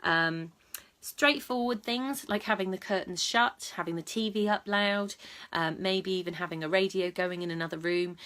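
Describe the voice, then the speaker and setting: Speaking at a moderate pace with few pauses, a woman with a fairly low, slightly bright voice gives casual advice to camera. She's a dog trainer and vlog host whose chatty, matter-of-fact delivery includes lots of ums and restarts.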